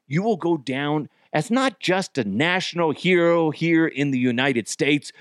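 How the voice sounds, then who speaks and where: A man hosting his own podcast alone, venting in a profane, exasperated rant that jumps into sudden yelling. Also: on the high side, expressive, unhurried, few pauses, no echo, clean studio sound. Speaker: podcast host. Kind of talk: solo ranting podcast.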